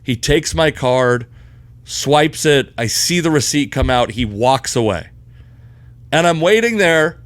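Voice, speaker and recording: A young man co-hosting a podcast, telling a story in casual chat. He swears freely and gets loud and laughs at the big moments. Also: on the high side, animated, slow, dry recording. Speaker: podcast co-host.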